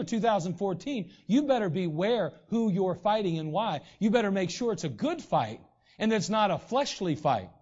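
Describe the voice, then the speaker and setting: A man preaching a sermon as pastor, in a conversational way with frequent throat clearing. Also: high voice, a little mellow. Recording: dull lo-fi recording.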